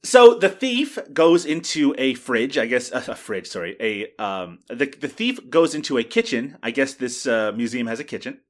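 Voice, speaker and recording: Brief: man, podcast co-host, wry and animated, voice rises and falls a lot. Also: medium pitch, moderate pace, few pauses. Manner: wry, animated retelling with frequent laughs. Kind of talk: casual movie-review banter.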